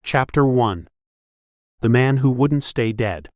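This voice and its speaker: A man's voice: mid-range voice, takes it slowly, no echo. Man narrating an audiobook, dry sound. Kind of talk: scripted narration.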